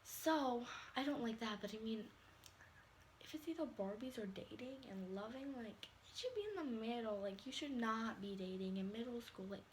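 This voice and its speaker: A woman's voice: a little high, lively intonation, normal speed, rough recording. Teenage girl, vlog rant, exasperated, sassy, phone recording, faint hiss behind. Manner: sassy, exasperated, full of "like" and "honey". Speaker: vlogger. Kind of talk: ranting to camera. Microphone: phone or webcam.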